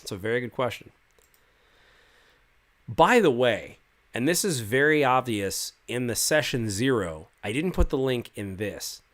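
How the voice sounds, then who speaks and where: A man's voice: medium pitch, lively intonation, measured pace. A man hosting a casual livestream as game master, reading viewer comments aloud and answering them in a loose, rambling way. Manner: loose and rambling, with many fillers and restarts. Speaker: game master and stream host.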